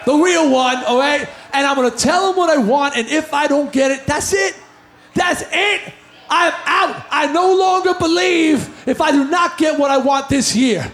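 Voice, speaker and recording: A rock singer telling a rowdy shouted story to a live audience. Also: male voice, extremely high pitch, echoey room, a little hiss or hum. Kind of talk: shouted stage monologue.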